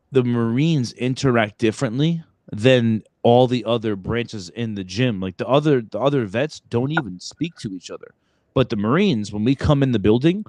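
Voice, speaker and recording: A man's voice: medium pitch, a little mellow, dry recording. A man hosting a podcast, telling rambling stories full of fillers and restarts. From Brooklyn, New York. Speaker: podcast host. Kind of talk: casual podcast chat.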